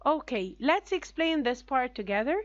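A woman English teacher patiently explaining a story to her students, pausing on hesitant fillers as she goes. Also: high-pitched, lively intonation, no room sound, dull audio. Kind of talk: classroom explanation.

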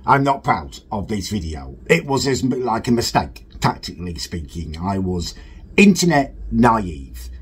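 A man's voice: big pitch swings, measured pace, slightly rough. A man from northern England hosting a comedic reaction video, mock-pompous and indignant. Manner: mock-pompous, indignant, wildly swinging pitch. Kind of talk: comedic reaction commentary in character.

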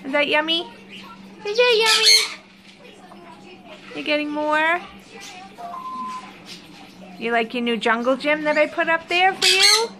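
A woman filming her pets at home for a casual vlog, cooing at them in high sing-song baby talk. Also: moderate pace, long pauses, heavy background noise. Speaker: pet owner filming her animals. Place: home with caged birds and pets. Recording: loud bird squawks and clicks behind. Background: birds squawking.

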